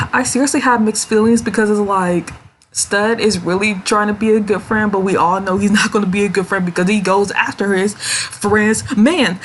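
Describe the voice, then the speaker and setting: A chatty woman recaps a series episode, giggling as she goes and slipping into playful voices for each character. Her pitch sits in an ordinary middle range, and a faint hiss runs under the recording. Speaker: series reviewer. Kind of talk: casual recap vlog.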